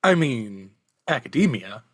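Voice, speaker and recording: A man's voice: mid-range voice, sing-song, unhurried. A man co-hosting a podcast, making dry, self-deprecating quips in casual chat. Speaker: podcast co-host.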